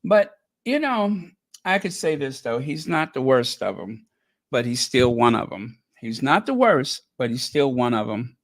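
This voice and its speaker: Slow-talking, sarcastic male commentator. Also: mid-range voice, very animated, dry recording. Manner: sarcastic, mocking, rambling with many fillers. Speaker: commentary channel host. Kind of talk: casual commentary.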